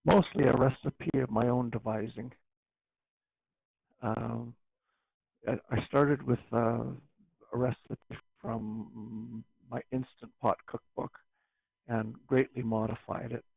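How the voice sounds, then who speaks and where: Gravelly man on a tinny radio link. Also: medium pitch, no echo. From Canada. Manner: easygoing, unhurried small talk. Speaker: radio net caller. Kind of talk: ham radio net chat.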